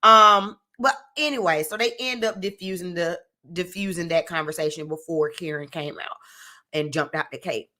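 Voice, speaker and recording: Young woman, bright voice, chatty live-stream recap host, loose and conversational, keeps checking in with viewers. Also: fairly low pitch, normal speed. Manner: chatty, addresses viewers directly, frequent "like" and "you know what I'm saying".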